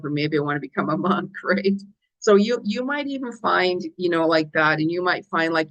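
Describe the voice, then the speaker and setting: A woman's voice: sits low, moderate pace, rough recording. A middle-aged woman psychic giving a weekly forecast in a casual, chatty way, acting out little quoted asides as she goes. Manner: chatty, animated, many quoted asides and restarts. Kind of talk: casual chat.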